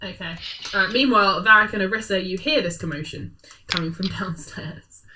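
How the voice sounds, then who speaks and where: A woman's voice: medium pitch, moderate pace. A woman narrating a tabletop game as dungeon master, playful and giggly, making bouncing sound effects. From United Kingdom. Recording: slightly distant mic with faint noise.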